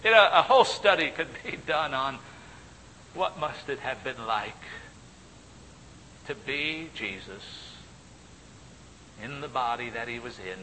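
A man preaches in an unhurried cadence, his tone bright and a little raised. He swings between ringing emphasis and soft, hushed asides. The sound carries a long church reverb over a faint low rumble. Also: animated. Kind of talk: sermon.

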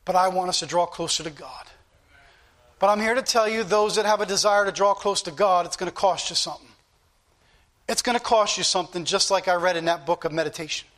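A man's voice: sits high, a little fast, fairly bright tone. A middle-aged man preaching a sermon with impassioned emphasis and shifting pace. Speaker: pastor.

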